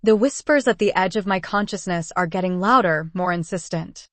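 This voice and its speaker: A woman giving a steady, measured first-person narration of a story as an audiobook narrator. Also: lowish voice, no room sound.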